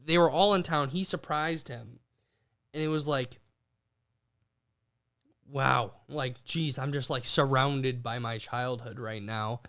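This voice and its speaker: A young man co-hosting a podcast, telling stories in animated bursts with quick restarts. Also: medium pitch. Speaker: podcast co-host. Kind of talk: casual chat.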